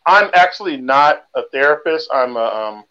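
A man in a comedy sketch telling a story and playing a therapist, animated and mimicking others. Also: mid-range voice, normal speed, dull audio. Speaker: comedian acting a group therapist.

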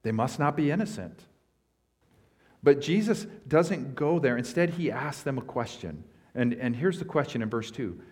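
Male pastor, mid-pitched, earnest teaching sermon with emphatic swells. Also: very animated, normal speed, a little mellow, slightly rough.

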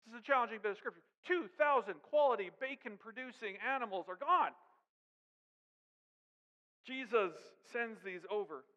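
Man, high voice, animated sermon, joking asides, long hall reverb. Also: lo-fi sound. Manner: animated preaching with asides and humor. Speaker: pastor.

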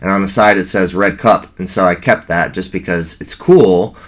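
A man's voice: low-pitched, normal speed. A man chatting casually and enthusiastically, rambling with fillers. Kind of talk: casual fan chat.

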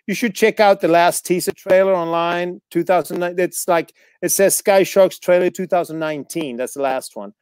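A man in casual conversation, telling animated stories, swearing freely and acting out quotes. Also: fairly high pitch, smooth, dry recording, clean studio sound. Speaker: actor guest. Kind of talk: casual storytelling chat.

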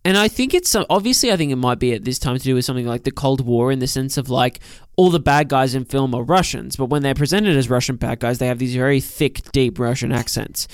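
Young male podcast co-host, smooth clear voice, dry close sound, measured and thoughtful. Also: mid-range voice, dry recording. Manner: thoughtful, measured, hesitant restarts. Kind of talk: casual film review chat.

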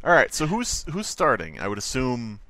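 A man's voice: mid-range voice, huge pitch swings, normal speed, bright, forceful tone, dry recording. A man co-hosting a comedy podcast, rambling and breaking off mid-thought. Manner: rambling, self-interrupting, laughs easily. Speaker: podcast co-host. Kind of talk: casual comedic chat.

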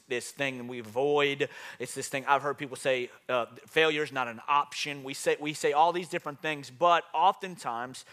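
A man's voice: mid-range voice, fairly bright tone, smooth. A man preaching a sermon as pastor, repeating key phrases for emphasis.

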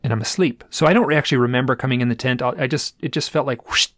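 A man's voice: medium pitch, fast, fairly bright tone, dry recording, studio quality. A man telling a personal story in a casual, rambling way, with restarts and repeated phrases. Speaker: guest telling an experience.

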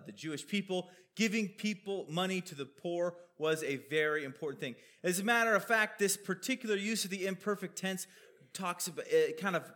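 A man teaches a sermon verse by verse, talking through his slides in a relaxed, conversational way and putting questions to his listeners. His voice is bright and sits a little high for a man. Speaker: preacher teaching a Bible passage.

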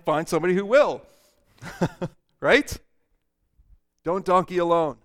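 A man's voice: high voice, fairly bright tone. A man preaching a sermon as pastor, playful and often laughing as he mimics people. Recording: long church hall reverb.

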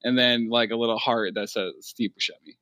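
A man's voice: medium pitch, fairly even intonation, brisk, pushed and bright, a little hiss or hum. A man narrating an improvised tabletop game as game master, hesitant and thinking aloud.

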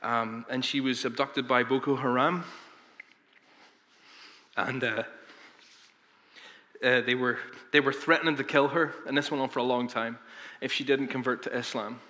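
A man's voice: mid-range voice, fairly even intonation, normal speed, pauses often, pushed and bright. A man preaching a sermon as pastor, earnest and emphatic, with frequent fillers and restarts. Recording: long reverb of a large hall.

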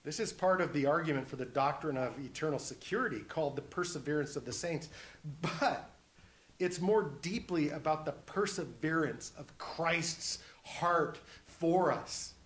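A man preaching a sermon, slow and earnest, building to emphatic repetition. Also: on the high side, roomy sound.

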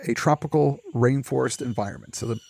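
A man's voice: mid-range voice, a little fast, gravelly, a little mellow. A man co-hosting a casual book discussion podcast, retelling the plot and acting out quotes with a chuckle. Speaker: podcast co-host.

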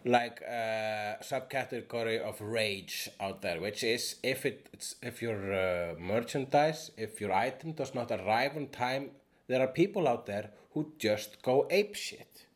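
A man hosts a podcast in a rambling, casual conversation, full of fillers and swearing freely now and then. His mid-range voice is animated, and he keeps a measured pace.

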